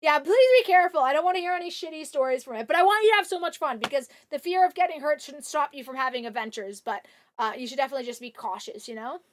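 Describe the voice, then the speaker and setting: A woman's voice: high voice, quick pace, a little hiss or hum. A young woman from Canada, chatting casually with viewers on a live stream, full of fillers and restarts.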